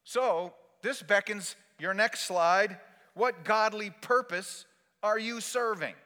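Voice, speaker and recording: A man preaching a sermon as pastor, swinging between loud exhortation and quiet, intimate asides. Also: high-pitched, slow pace, big-room sound.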